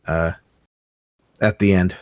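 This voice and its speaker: A man's voice: deep voice, fairly even intonation, slow pace, a little mellow, dry recording, studio quality. A man co-hosting a casual podcast roundtable, rambling and repeating words as he thinks aloud. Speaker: podcast co-host.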